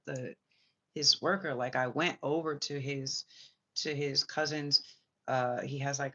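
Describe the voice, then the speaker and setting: Spiritual reader, rambling storytelling, profane and excitable, bright tone, slightly dull lo-fi sound. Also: medium pitch. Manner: profane, excitable, full of filler words. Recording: slightly muffled lo-fi audio.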